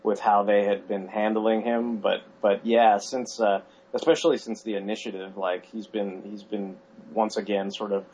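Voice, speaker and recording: A man co-hosting a casual podcast chat, animated and acting out his own reactions. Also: lowish voice, normal speed, few pauses, slight background noise. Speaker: podcast co-host. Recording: dull lo-fi sound.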